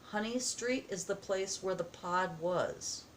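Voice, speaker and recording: A woman vlogging at home as she opens happy mail, excited, gasping and halting with many fillers. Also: medium pitch, a little hiss or hum. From United States. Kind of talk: casual vlog chat. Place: home, indoors.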